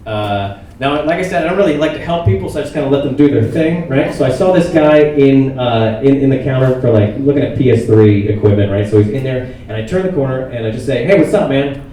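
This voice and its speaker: Young male stand-up comic, deadpan and self-mocking; roomy, distant hall sound. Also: medium pitch, quick pace, hardly any pauses, slight background noise. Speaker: stand-up comedian. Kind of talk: stand-up set. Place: theatre stage with live audience.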